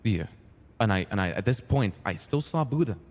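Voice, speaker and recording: A man's voice: on the low side, moderate pace, in a large hall. A man playing a hot-tempered crew boss. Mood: earnest. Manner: animated retelling, acts out quoted lines, swears freely. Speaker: roleplay character telling his side. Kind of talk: in-character storytelling in a roleplay game.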